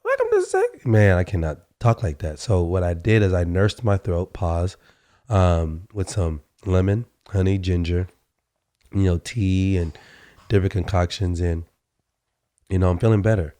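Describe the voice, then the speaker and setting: A man with a slightly hoarse voice from a sore throat, hosting a relaxed solo podcast and chatting with many fillers. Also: low-pitched, unhurried. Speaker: podcast host. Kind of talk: casual solo podcast talk.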